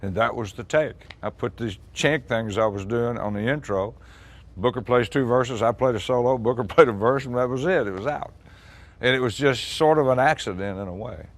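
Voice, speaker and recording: A man in his sixties, a musician recounting an old recording session in relaxed, chatty storytelling. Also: mid-range voice, normal speed. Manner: chatty, acts out quoted dialogue, frequent restarts and laughs.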